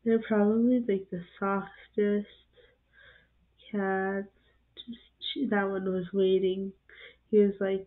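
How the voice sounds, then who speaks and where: A woman hosting a reaction video, cooing softly over cute animals and chatting casually, sometimes dropping to a whisper. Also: mid-range voice, level tone, slow. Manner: soft-spoken, drops to whispers at times. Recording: tinny phone-like sound.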